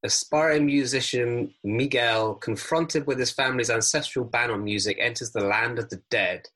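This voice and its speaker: A man's voice: mid-range voice, moderate pace, fairly bright tone, poor audio. A man co-hosting a casual film review podcast, chatty and prone to restarts. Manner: chatty, with frequent restarts and filler. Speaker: podcast co-host.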